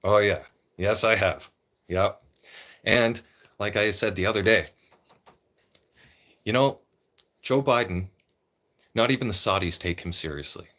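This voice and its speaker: A man's voice: lowish voice, unhurried, long pauses, pushed and bright. A man ranting casually and opinionatedly to camera, rambling and repeating himself and tagging lines with "right?". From Canada. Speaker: vlogger. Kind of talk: casual political rant.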